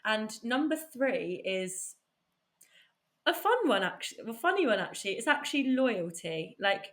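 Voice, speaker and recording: A woman hosting a podcast in casual chat, bubbly and enthusiastic and quick to laugh. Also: fairly high pitch, very animated. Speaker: podcast host.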